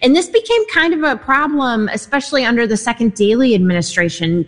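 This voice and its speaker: A woman guest on a radio show, chatting casually and enthusiastically about local history and often exclaiming. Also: fairly high pitch. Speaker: newspaper history columnist guest.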